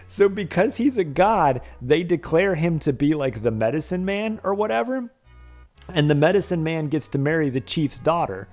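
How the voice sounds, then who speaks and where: A man's voice: on the high side, moderate pace. A man streaming a retro game, casually retelling a TV episode with lots of swearing and frequent laughter. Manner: profane, laughs often, animated storytelling.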